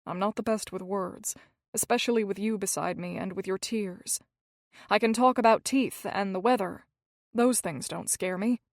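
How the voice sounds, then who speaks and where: A woman voicing a gentle, shy young male doctor in an audiobook, soft-spoken, hesitant and tender. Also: medium pitch, moderate pace, no room sound, clean studio sound, lightly acted.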